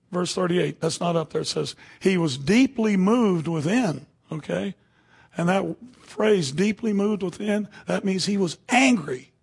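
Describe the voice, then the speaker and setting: A man's voice: sits high, creaky, slightly rough. A man preaching a sermon to a room of people, talking conversationally and checking in with "okay?" and "you know" as he goes.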